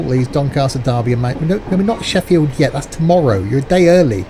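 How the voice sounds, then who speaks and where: A man's voice: medium pitch, brisk, noisy background. A man streaming a train simulator game live, chatting casually and teasing his viewers in a jokey way. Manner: jokey, teasing banter with chat.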